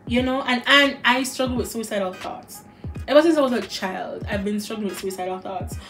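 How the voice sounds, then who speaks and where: A woman's voice: on the high side, fairly quick, a bit bright, faint music behind. A young woman with a Jamaican accent, talking candidly and animatedly as a guest in a casual chat over a meal, slipping into patois.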